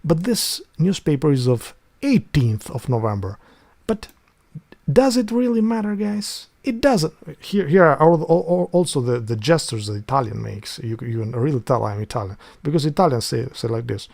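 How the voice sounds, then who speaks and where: Gravelly Albanian-accented man streaming. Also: medium pitch, expressive, normal speed, a little mellow. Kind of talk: casual livestream chat.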